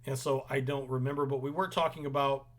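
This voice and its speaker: A man's voice: mid-range voice, steady tone, fast. A young man hosting a casual wrestling recap, opinionated and rambling with frequent ums. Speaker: podcast host.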